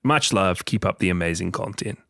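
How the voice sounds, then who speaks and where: A man's voice: low voice, lively intonation, a little fast, creaky, a bit bright, no echo, studio quality. A man co-hosting a podcast, reading out listener messages and bantering in a joking, teasing way. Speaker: podcast co-host. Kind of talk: casual chat, reading listener mail.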